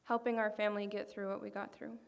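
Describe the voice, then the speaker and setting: A woman's voice: medium pitch, flat delivery, quick pace, vocal fry, clean tone, muffled recording. Woman speaking in a reverberant banquet hall. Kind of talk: public speech.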